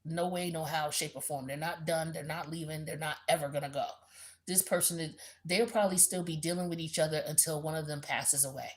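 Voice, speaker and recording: Woman, tarot reader, blunt and profane, lowish voice. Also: a little fast. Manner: blunt, animated, profane, slangy. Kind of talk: casual tarot reading monologue.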